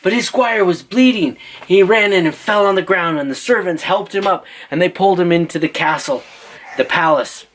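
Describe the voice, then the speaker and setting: Playful dad telling an improvised story. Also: male voice, high voice, normal speed, a bit bright, low-quality recording. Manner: playful, teasing, asks listeners for choices.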